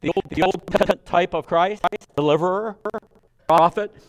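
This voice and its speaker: A man preaching a sermon, reading scripture and retelling it with animated emphasis and conversational asides to his listeners. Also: high voice, normal speed.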